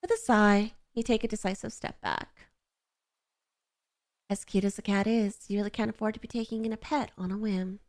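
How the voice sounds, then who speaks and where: A woman gaming streamer reads a story game aloud and chats to her viewers, speaking at a moderate pace with a steady, darkish tone. She's emotional and gushing, letting out high squeals when something moves her.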